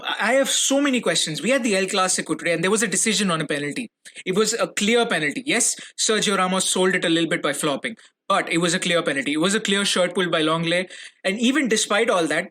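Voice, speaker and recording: A young man with a bright, slightly high voice hosts his own football fan podcast alone. He rants hard, swears and repeats phrases when he gets worked up. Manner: ranting, swearing, repeats himself when angry. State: furious. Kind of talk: solo football reaction podcast.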